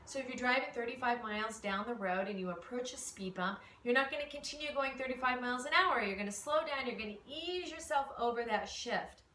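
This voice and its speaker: A woman voice teacher explaining singing exercises in a relaxed way, with fillers. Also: on the high side, fairly quick, hardly any pauses, slight background noise. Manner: relaxed explaining with fillers, demonstrates vocal slides. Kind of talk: instructional lesson. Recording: echoey room, mic at a distance.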